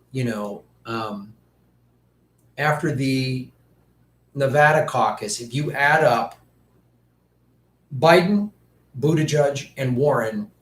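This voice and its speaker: A man ranting through casual political commentary, profane and mocking, slipping into quick impressions of politicians. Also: medium pitch, reverberant.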